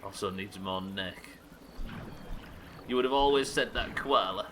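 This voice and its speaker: A young man streaming a building game live, commenting as he plays and bantering with viewers in an animated, sweary, self-mocking way. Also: on the low side, a little slow, background noise.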